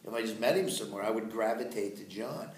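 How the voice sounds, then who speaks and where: A man with a Southern US accent, a voice actor chatting as an interview guest, telling lively stories and slipping into voices. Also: lowish voice, fast talker. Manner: lively storyteller, slips into quoted voices. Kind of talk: casual interview chat. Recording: echoey room, faint background noise.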